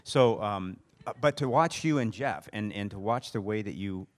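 A man's voice: on the low side, normal speed. A man in casual conversation, telling anecdotes animatedly and laughing often. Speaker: interviewer and friend.

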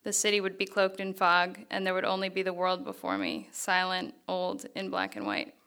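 A woman author reading a passage of her fiction aloud in a measured, even way. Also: fairly low pitch, clear, resonant tone.

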